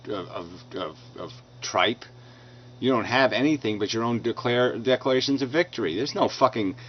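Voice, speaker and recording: A man angrily reading out and rebutting comments, profane and combative, stumbling over restarts. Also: on the low side. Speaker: video blogger answering comments. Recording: dull lo-fi recording with faint noise.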